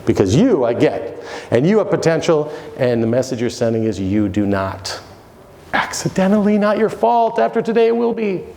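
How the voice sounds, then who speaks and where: Animated man speaking in an echoey hall. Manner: animated storyteller, swings between loud highs and low asides. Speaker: keynote speaker. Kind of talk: motivational keynote talk. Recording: echoey hall, long reverb.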